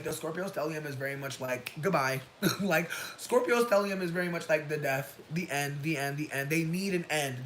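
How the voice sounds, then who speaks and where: A person in their thirties telling a story on a casual livestream, profane and animated, breaking into shouts and laughter. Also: medium pitch, a little hiss or hum. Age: 30s. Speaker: livestream host.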